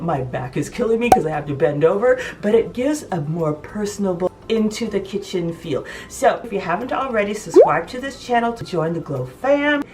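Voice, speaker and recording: A woman's voice: medium pitch, recorded from a distance, heavy background noise. A woman chatting enthusiastically and emphatically in a home cooking vlog. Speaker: vlogger. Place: home kitchen.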